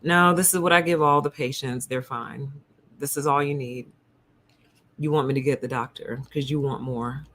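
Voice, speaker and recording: A woman's voice: very deep voice, fairly even intonation, moderate pace, a bit bright, voice pushed down. A woman voicing a callous young male anesthesiologist who sneers at his patients and talks like a bro. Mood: sneering. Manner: sneering, dismissive.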